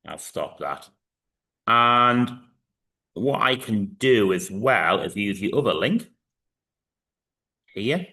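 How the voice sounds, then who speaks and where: A man in his thirties with a very low voice talks through a recorded physics lesson. His tone is bright and forceful, and he explains each step with frequent fillers. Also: sing-song, slow, long pauses. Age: 30s. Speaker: physics teacher.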